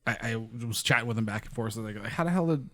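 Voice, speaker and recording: A man co-hosting a podcast in a relaxed casual chat, laughing along. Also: mid-range voice, fast talker. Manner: laid-back, laughs along. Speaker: podcast co-host.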